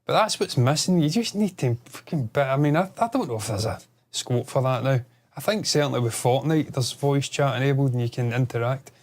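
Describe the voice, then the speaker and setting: A man, co-hosting a casual gaming chat, animated and sweary, prone to rambling. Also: medium pitch, a little fast. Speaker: podcast co-host.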